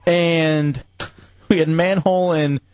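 A man hosting a radio show with casual, joking banter and a lot of laughing. His voice is quite high for a man. It sounds dry and dull, like a lo-fi studio recording. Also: fairly even intonation, no room sound. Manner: laughing, quick jokes.

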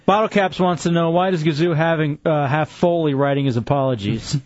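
A male radio host with a somewhat high voice who needles his callers and interns with sarcastic jokes. The recording is dry and dull, with a lo-fi radio quality and faint music in the background. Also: brisk, darkish tone, dry recording. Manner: teasing, sarcastic. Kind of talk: casual radio banter.

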